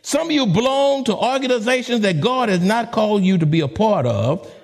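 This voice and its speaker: A man as a pastor preaching a sermon, dramatic, swooping from soft to high. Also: expressive, moderate pace.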